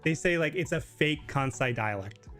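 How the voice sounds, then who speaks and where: A man hosting a casual live Q&A stream, talking loosely with lots of fillers and sometimes mimicking other people in a high voice. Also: lively intonation, normal speed, a bit bright, faint music behind. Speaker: livestream host.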